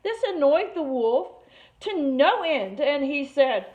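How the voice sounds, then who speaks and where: Reading a picture book to children, a woman teacher speaks slowly in a voice that sits high, pausing expressively to explain words. It's captured on a muffled, lo-fi recording.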